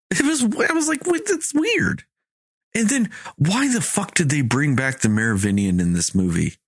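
A man's voice: fairly high pitch, breathy edge, no echo, clean studio sound. A man in casual chat, ranting in an exasperated way, swearing and acting out lines of dialogue. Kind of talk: casual movie review chat.

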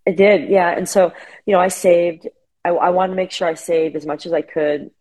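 A middle-aged woman sharing emotional personal stories as an interview guest over a remote call, animated and full of fillers. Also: lowish voice, normal speed, low-quality recording. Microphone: remote call connection.

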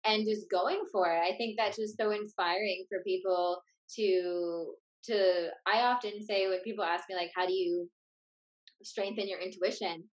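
A woman's voice: medium pitch, steady tone, a little slow, highs cut off. A woman hosting a conversational interview, chatty and informal, often tagging "like" and "right?" onto her questions. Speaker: host.

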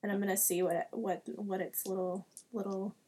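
A woman playing a tabletop role-playing game, talking softly and hesitantly with many ums. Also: mid-range voice, level tone, moderate pace, slightly rough. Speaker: player.

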